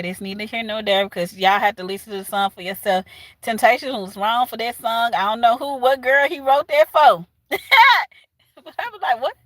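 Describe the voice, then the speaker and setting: A woman with a Southern US accent chatting casually with her livestream viewers, animated and laughing often. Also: fairly high pitch, dry recording. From southern United States. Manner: animated, laughs often, talks back to chat. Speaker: livestream host.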